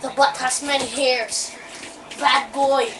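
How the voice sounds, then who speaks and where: Woman dog owner for a home vlog, high voice, unhurried, scolds and yelps, heard from a distance in an echoey room. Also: steady tone. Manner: chatty, scolds the puppy and yelps out loud. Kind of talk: casual home video. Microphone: webcam. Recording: echoey, distant, noisy webcam audio.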